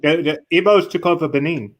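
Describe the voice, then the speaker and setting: A man calling in for casual chat, halting and often repeating words while he searches for them. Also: on the high side, low-quality recording. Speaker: caller.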